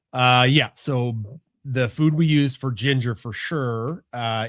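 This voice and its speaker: A man's voice: mid-range voice, a bit bright, no echo. Chatty father, dry close mic. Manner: rambling, restarts often, chuckles. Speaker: co-host of a family podcast. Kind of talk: casual chat.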